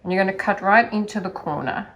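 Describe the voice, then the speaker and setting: A woman calmly walking through a sewing demonstration step by step, in a gentle sing-song teaching manner. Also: mid-range voice, fast, slight background noise. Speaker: sewing instructor.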